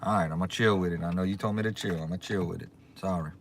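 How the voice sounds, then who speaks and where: A man hosting a casual livestream, excitable and drawling as he thanks his viewers over and over. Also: deep voice, fast talker, creaky, slight background noise. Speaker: livestream host. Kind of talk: casual live chat. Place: outdoors.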